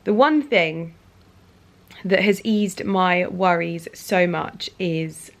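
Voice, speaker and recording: A woman's voice: lowish voice, animated, slow, gravelly. A woman chatting casually to camera as a vlogger, talking in an emotional way with plenty of fillers and restarts. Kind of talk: casual vlog chat to camera.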